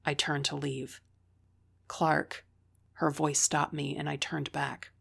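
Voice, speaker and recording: A woman's voice: deep voice, flat delivery, a little slow, vocal fry, a bit bright, breathy edge. A woman reading a first-person story aloud in a dry, wry manner. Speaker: narrator.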